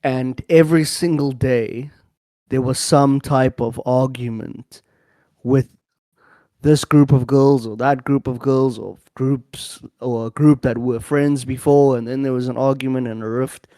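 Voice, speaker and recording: Male co-host, mid pitch, slow unhurried delivery, rambling, dry recording. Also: steady tone, mellow, no echo. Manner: rambling anecdote, fillers, laughs often. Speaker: podcast co-host. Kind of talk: casual discussion.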